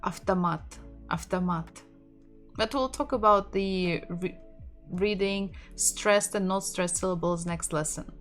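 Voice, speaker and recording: A woman with a Russian accent teaching an online language lesson in English, explaining patiently and laughing softly now and then. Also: mid-range voice, measured pace. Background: soft lo-fi music.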